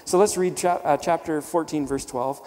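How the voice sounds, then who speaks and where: A man's voice: a little high, moderate pace, a little mellow. Emphatic preacher man, long hall echo. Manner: emphatic, teaching with rhetorical questions. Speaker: pastor. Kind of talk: sermon.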